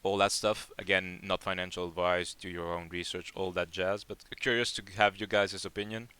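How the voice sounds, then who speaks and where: A man's voice: low voice, little pitch movement, moderate pace, bright, forceful tone, clean tone. A man hosting a live community Q&A, chatting casually and rambling with lots of fillers and restarts. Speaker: project lead hosting a community AMA.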